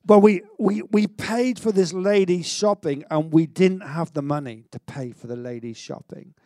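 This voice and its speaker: Male pastor, middle-aged, chatty sermon with restarts and jokes, slightly high voice. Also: normal speed, dry recording, clean studio sound. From Wales. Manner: energetic, conversational preaching with stammered restarts and self-mocking humour.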